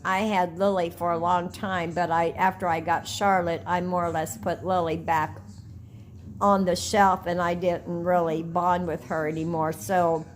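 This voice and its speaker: A woman's voice: lowish voice, slight background noise. An older woman talking casually to her viewers as a doll collector, telling rambling stories in a chatty way. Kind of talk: casual talk to camera.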